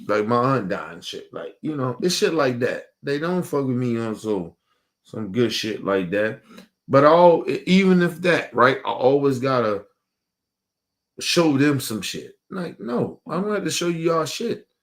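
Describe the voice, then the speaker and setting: A man's voice: mid-range voice, sing-song, measured pace. A man, hosting and ranting in a heated, profane, repetitive way, casual monologue. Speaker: show host.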